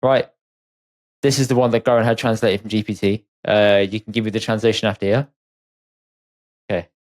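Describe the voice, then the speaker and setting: A man's voice: lowish voice, little pitch movement, fairly quick. Wry man co-hosting a podcast. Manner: wry, joking commentary. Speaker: podcast co-host. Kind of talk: casual chat.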